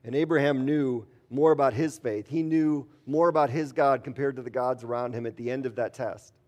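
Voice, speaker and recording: A man's voice: mid-range voice, fairly even intonation, normal speed, a little mellow. A man preaching an earnest sermon as pastor, telling stories and acting out quotes. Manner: earnest, storytelling with acted quotes.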